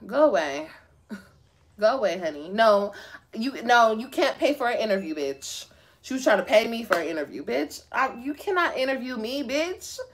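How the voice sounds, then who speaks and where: A young woman livestreams from her phone, ranting to viewers in a blunt, profane, sassy way and laughing often. Her high voice is very animated at normal speed, with a little hiss or hum in the audio.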